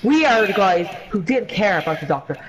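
A man voicing an excitable, newly regenerated male time villain in an online game roleplay, talking in a playful, giddy, chattering way. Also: high-pitched, brisk, rough recording.

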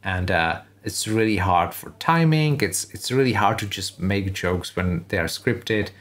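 A man with a fairly low voice talks through a tech presentation in casual, off-the-cuff commentary. He thinks aloud and sounds enthusiastic about what he hears. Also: lively intonation, a little slow, fairly bright tone. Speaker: host reacting to a tech keynote. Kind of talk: casual commentary over video.

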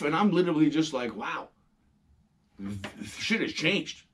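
Husky middle-aged New man. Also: a little high, normal speed. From New York. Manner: animated, profane storytelling, acting out quoted voices. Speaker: host. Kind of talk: casual monologue.

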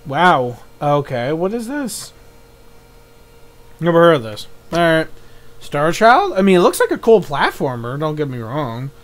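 A young man giving live reaction commentary, excitable, thinking aloud and swearing often. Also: fairly high pitch, unhurried. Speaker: YouTube reaction host.

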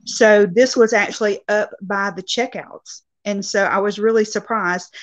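A woman's voice: mid-range voice, steady tone, unhurried. Woman, video call guest, friendly, hesitant, lo-fi. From North Alabama. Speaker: caller showing finds. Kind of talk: casual video call chat. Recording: dull lo-fi video call audio.

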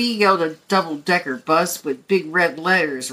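A woman reading a picture book aloud at story time, gently and expressively for young children. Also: fairly low pitch, normal speed.

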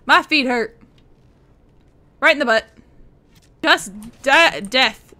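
High and bright, her voice has a forceful tone, and she speaks slowly with long pauses. The young streamer keeps up casual, giggly commentary, talking to the game's characters and to chat.

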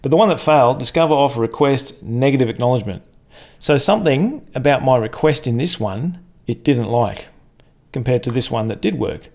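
Man, casual tech walkthrough, mid-pitched voice, rambling fillers, desk microphone. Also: moderate pace, vocal fry. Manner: relaxed and rambling, with frequent fillers and the odd swear. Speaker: tech channel host. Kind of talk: casual screen-share walkthrough. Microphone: desk microphone for the screen segment.

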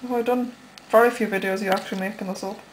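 A woman's voice: medium pitch, fairly even intonation, quick pace, background noise. A woman chatting from behind the camera, friendly and giggly, chiming in. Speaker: camera operator and co-host. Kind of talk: casual chat.

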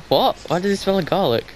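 A man's voice: high voice, noisy background. A young British man hosting a gaming voice chat, teasing his friends and laughing. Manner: teasing, laughing, slow drawl. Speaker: gamer, channel host. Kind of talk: casual voice chat while gaming.

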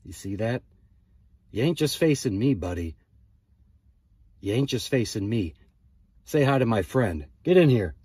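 Husky man in a profane trash-talk rant. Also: medium pitch, sing-song, unhurried, long pauses, mellow, no echo. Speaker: wrestler cutting a promo. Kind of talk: comedic wrestling promo. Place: car.

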